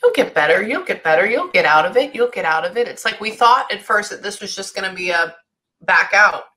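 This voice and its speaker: A woman giving a casual reading as a psychic medium, halting often to listen and sometimes dropping into soft near-whispers. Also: mid-range voice, lively intonation. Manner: halting, keeps breaking off to listen. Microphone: recorded session.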